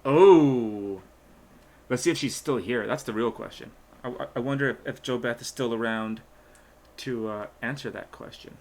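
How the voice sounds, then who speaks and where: A male host chats on a casual live stream, rambling with plenty of fillers and half-finished thoughts. His voice sits at an ordinary middle pitch for a man. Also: normal speed, darkish tone, slight background noise. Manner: rambling, trails off, lots of fillers.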